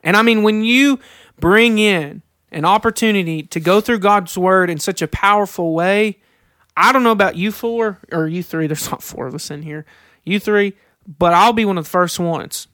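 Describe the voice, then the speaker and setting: High-voiced earnest man on a podcast. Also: fairly bright tone, dry recording, clean studio sound. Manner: earnest, reads scripture slowly, confessional storytelling. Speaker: podcast co-host. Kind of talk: faith podcast conversation.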